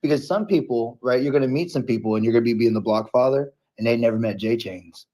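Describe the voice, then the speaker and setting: A man from Ohio co-hosting in casual chat, hyped and excitable, with a lot of slang. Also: mid-range voice, quick pace. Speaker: co-host.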